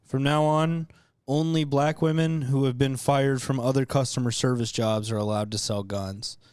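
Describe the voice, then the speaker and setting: A man's voice: medium pitch, steady tone, normal speed, darkish tone, clear, resonant tone, no echo, studio quality. Laid-back wisecracking man. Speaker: podcast co-host. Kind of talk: casual banter.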